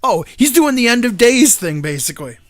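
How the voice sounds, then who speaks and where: A man hosting a live stream show, rambling through a movie plot in a casual, animated way with frequent laughter. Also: very high voice, brisk, no room sound. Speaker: show host.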